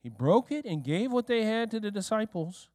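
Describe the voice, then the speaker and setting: In a close, dry recording with little room echo, a male pastor preaches in a high, sing-song voice with a darkish tone and broad pitch swings, at a moderate pace. He speaks directly to those present, frequently checking in with the congregation and asking them questions.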